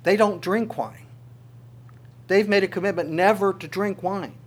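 A man's voice: sits high, a little slow, breathy edge. A male pastor preaching a sermon, reading scripture aloud with his own commentary and asking the congregation rhetorical questions.

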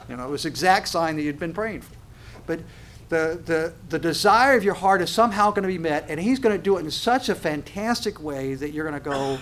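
Animated man preaching a sermon. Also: a little high, brisk, a little hiss or hum. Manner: animated, acts out dialogue, laughs often.

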